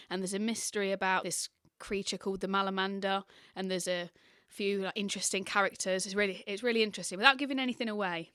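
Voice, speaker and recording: A woman primary teacher talks in a chatty, lively way, filling her answers with little fillers. Her voice sits in a middle pitch and is recorded close and dry, with no room echo. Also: smooth. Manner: chatty and animated, with lots of fillers. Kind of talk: casual interview answers.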